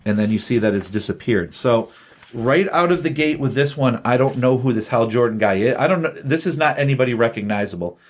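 A man in casual podcast conversation, walking through a comic's plot with energy. He tosses off dialogue as he goes, keeping the tone loose and chatty. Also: mid-range voice. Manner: animated retelling, acts out quotes. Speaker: comic book podcast co-host. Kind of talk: casual comic review chat.

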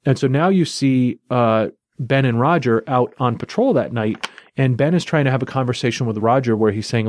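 A man's voice: mid-range voice, normal speed, a little mellow, dry recording, studio quality. Chatty man recapping with enthusiasm. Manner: enthusiastic, chatty, loose storytelling. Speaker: comic book reviewer. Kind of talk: casual spoken recap and review.

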